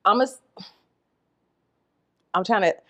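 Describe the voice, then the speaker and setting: A woman's voice: mid-range voice, slow, muffled recording. A woman from Georgia, a guest in casual chat, who laughs often and tells stories with lots of energy. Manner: laughs often, animated storytelling.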